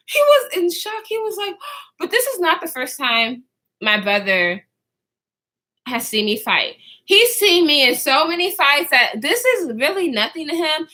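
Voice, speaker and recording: A woman's voice: sits high, big pitch swings, measured pace, bright, forceful tone. A woman in her twenties telling a story to her viewers in a casual, slangy way, swearing freely and often trailing off to restart.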